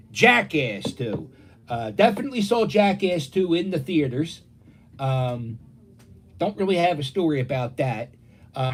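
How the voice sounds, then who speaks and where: A man's voice: fairly high pitch, slightly rough. Middle-aged philly guy rambling on a home livestream, voice jumping up and down a lot, acts out voices in his stories. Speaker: live stream host. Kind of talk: casual rambling storytelling. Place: dining room at home.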